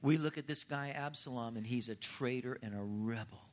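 A man preaching a sermon as pastor, swelling louder and higher on key points and dropping to a hushed, low voice at the ends of lines. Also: moderate pace, slight background noise.

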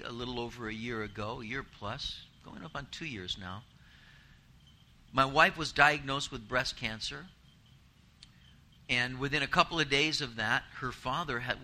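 A middle-aged man preaching a sermon as a pastor, telling a family story with self-deprecating humor, rising for emphasis and dropping quiet for asides. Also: mid-range voice, slight background noise.

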